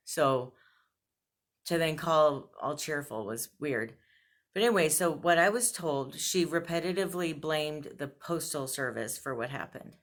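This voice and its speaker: A woman's voice: low voice, animated, unhurried. A woman vlogger venting to camera, blunt and frustrated, laughing between complaints. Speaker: fashion subscription box vlogger.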